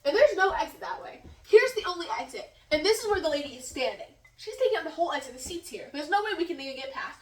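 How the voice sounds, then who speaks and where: Young woman, high voice, chatty and giggly, filming in her kitchen from a distance. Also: very animated, fast talker, few pauses, darkish tone, roomy sound. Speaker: vlogger. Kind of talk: casual storytelling while cooking. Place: home kitchen.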